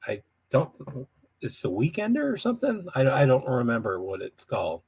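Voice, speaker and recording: A man's voice: mid-range voice, huge pitch swings, normal speed, darkish tone, husky, no echo. A man hosting a casual live chat from home, rambling and chuckling often. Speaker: livestream host.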